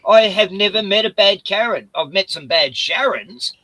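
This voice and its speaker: A man's voice: high-pitched, expressive, moderate pace, sharp tone, low-quality recording. A man chatting as a guest on a live stream, casual and sweary, saying "you know" a lot.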